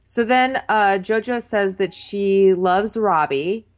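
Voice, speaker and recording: A woman's voice: mid-range voice, slow pace. A woman co-hosting a casual chat, amused and agreeable as she recaps scenes. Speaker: podcast co-host.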